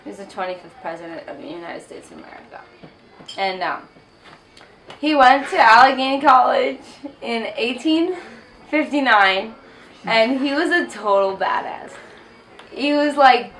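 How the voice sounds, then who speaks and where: A woman's voice: fairly high pitch, expressive, normal speed, fairly bright tone, reverberant, soft background music, poor audio. A young woman telling a history story in a casual, slangy, joking way. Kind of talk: comic storytelling narration.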